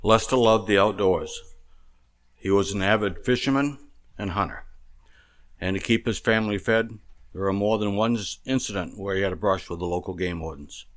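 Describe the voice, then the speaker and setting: A man reading aloud a memoir about his own family, telling it in a measured, plain storytelling manner. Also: fairly low pitch.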